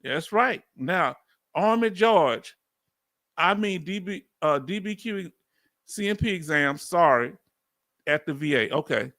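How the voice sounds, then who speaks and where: A man's voice: a little high, slow, no echo, studio quality. A middle-aged man from Houston with a Southern accent, commenting casually on a livestream and calling out to his viewers. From Houston, Texas. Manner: animated preacher-like call and response. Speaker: veteran YouTube host.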